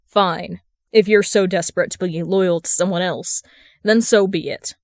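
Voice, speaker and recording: A woman's voice: on the low side, steady tone, normal speed, dry recording, studio quality, close to an everyday voice. Woman playing a sneering arrogant wizard. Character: arrogant male wizard, scornful villain.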